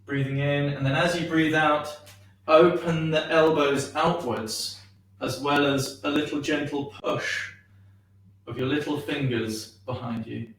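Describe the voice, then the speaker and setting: Male shiatsu teacher, slow and gentle, echoey room, distant mic. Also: on the high side, fairly even intonation. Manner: gentle, unhurried guiding with many ums. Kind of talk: guided movement class.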